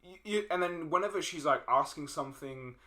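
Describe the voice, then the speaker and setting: A man's voice: fairly high pitch, brisk, pushed and bright. A young man co-hosting a podcast, casually retelling film scenes in a rambling way with many fillers and restarts. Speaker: podcast co-host.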